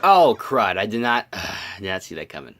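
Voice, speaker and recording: A man's voice: lowish voice, sing-song, moderate pace, a bit bright, faint music behind. A young man giving casual gameplay commentary, rambling with many ums and restarts, his voice scratchy from just waking up. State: just woke up, scratchy morning voice. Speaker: let's play host.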